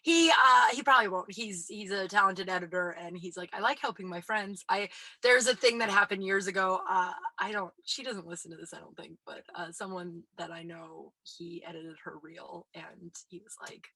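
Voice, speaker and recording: A woman hosting her own show, talking casually and rambling, breathy and out of breath, recording in a small closet. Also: mid-range voice, normal speed, sharp tone, dry recording, low-quality recording. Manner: chatty, full of "like" fillers. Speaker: podcast host.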